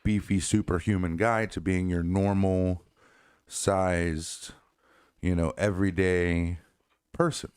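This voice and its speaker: A man with a very deep voice co-hosts a casual talk show, rambling and restarting his sentences as he goes. The sound is close and dry, with no room around it. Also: flat delivery, takes it slowly, a little mellow, clean tone, dry recording. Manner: rambling, repeats words, laughs often. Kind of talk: casual chat.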